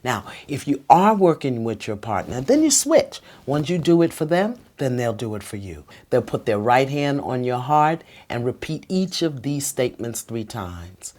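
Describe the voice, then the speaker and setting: A middle-aged woman hosting a relationship advice show, speaking straight to the viewer in an emphatic, preachy way that drops to a soft whisper for the guided phrases. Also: very deep voice, very animated, moderate pace, hardly any pauses. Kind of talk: talking straight to the viewer with tips.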